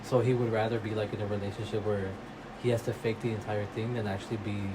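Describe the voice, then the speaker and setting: A man's voice: lowish voice, little pitch movement, fast, heavy background noise. A man co-hosting a podcast in casual chat, blunt and frank, swearing easily. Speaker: podcast co-host.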